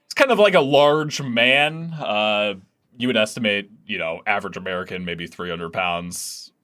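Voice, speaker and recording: A man's voice: fairly low pitch, normal speed, fairly bright tone. A man narrating as game master of a tabletop game, loose and full of fillers.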